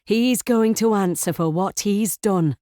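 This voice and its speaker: A woman reading a furious shouting wife. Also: medium pitch, unhurried, dry recording, clean studio sound, natural voice. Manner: shouting, fierce. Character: furious betrayed middle-aged wife.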